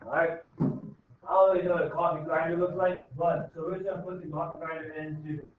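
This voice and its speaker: A man teaches a high school math lesson in a loose, informal way, checking in with the class constantly. His voice sits a little high. The sound is tinny and distant, caught from across an echoey classroom. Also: flat delivery, fairly quick, a little hiss or hum. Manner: informal, repeats "okay?" to check understanding. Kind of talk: classroom lecture. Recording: echoey room, tinny far-off mic.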